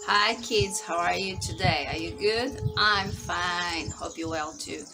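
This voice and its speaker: A woman teaching English to young children, quizzing them in a slow, exaggerated teacherly way. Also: fairly low pitch, music in the background. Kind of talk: slow, sing-song spelling lesson for young children.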